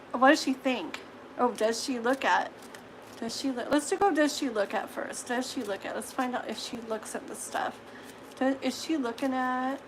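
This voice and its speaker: High-voiced, slow, chatty tarot streamer woman. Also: slight background noise, rough recording. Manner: chatty and gushing, laughs often. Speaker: tarot reader hosting a livestream. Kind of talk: casual livestream chat.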